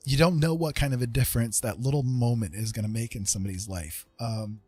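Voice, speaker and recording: A man's voice: mid-range voice, fairly quick, darkish tone, breathy edge, no echo, faint music behind. A man hosting a casual livestream chat, talking in an earnest, rambling way with lots of fillers, teary and with his eyes burning. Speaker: livestream host.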